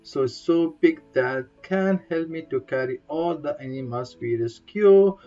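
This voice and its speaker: A mellow, playful female storybook reader takes her time with a bedtime tale, using simple, broken English. High squeals and playful noises bring the characters to life, and the lo-fi audio sounds dull, with faint guitar in the background.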